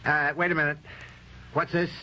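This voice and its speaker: Figure: a blustering suburban husband. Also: male voice, a little high, level tone, moderate pace, pushed and bright. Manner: indignant, lecturing. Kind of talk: 1970s radio comedy acting. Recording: dull old radio recording with hiss.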